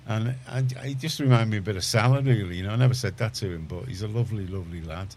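A man's voice: fairly low pitch, fast, a little mellow. A middle-aged man with a Liverpool accent hosting a community radio show in casual chat, rambling and correcting himself, then getting emphatic. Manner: rambling, self-correcting, gets heated and emphatic. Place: radio studio.

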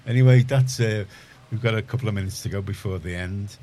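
A Liverpool man with a very low voice hosts a community radio show. He chats in a rambling way, often restarting his sentences. A faint hiss sits under the studio sound. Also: fast, mellow. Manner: chatty, rambling, self-correcting. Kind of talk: casual radio chat.

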